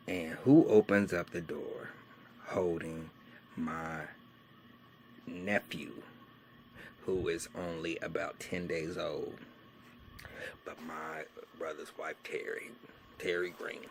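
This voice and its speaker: A man with a fairly low voice tells his own life story as a loose, profanity-filled monologue. He drops to a near-whisper for some asides and bursts out loudly for others, with faint noise behind him. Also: slow pace, pauses often. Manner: animated and profane, swinging from hushed asides to loud outbursts.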